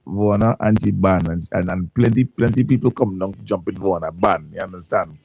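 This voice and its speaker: A man's voice: low voice, brisk, vocal fry, darkish tone, slightly rough, no room sound, poor audio. A man hosting casual morning radio, rambling with restarts and local slang. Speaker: radio host. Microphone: studio microphone.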